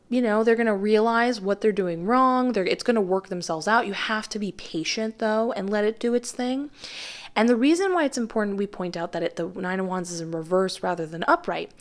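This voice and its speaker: A woman giving a pick-a-card tarot reading in a chatty, reassuring way with many fillers. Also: medium pitch. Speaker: tarot reader.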